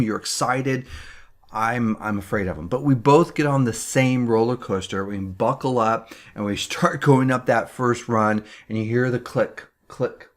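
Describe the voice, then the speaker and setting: A man coaching business owners in a motivational talk, earnest and repetitive, restarting his phrases often. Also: lowish voice. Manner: earnest, repeats words, fillers.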